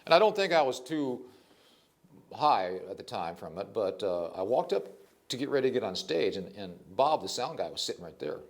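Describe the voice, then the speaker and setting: An older man, a poet, telling stories in a casual interview, animated and rambling, with frequent restarts. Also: fairly low pitch, normal speed.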